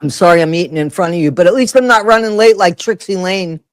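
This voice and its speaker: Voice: mid-range voice, fast, dry recording. A livestream host chatting casually, greeting viewers by name while snacking.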